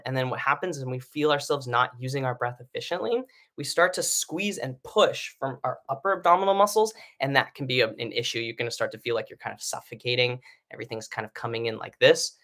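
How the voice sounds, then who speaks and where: A man who teaches singing talks casually through some breathing exercises, leaning on fillers and checking in with "right?" between points. His voice is bright and forward, pitched in the ordinary middle range, and the audio has a live stream setup feel.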